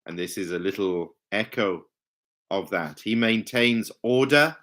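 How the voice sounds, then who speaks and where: Slow, emphatic male preacher. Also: a bit bright. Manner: slow, emphatic teaching with wide pitch swings. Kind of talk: Bible study sermon.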